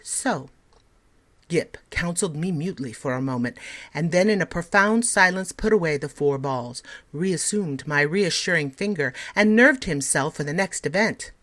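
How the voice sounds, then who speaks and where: A woman teacher reading a story aloud in an expressive, measured way. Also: low-pitched.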